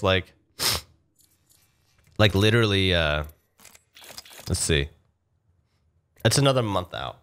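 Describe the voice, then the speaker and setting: A man giving casual, excitable commentary over gameplay, talking to his viewers and speculating. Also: low-pitched, takes it slowly, long pauses. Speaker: gaming YouTuber.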